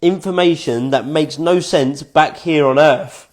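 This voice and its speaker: A man's voice: fairly high pitch, measured pace. A man reading his own written notes aloud in a casual vlog, reflective and swearing freely, often breaking into helpless giggles. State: fits of giggling. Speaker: vlogger.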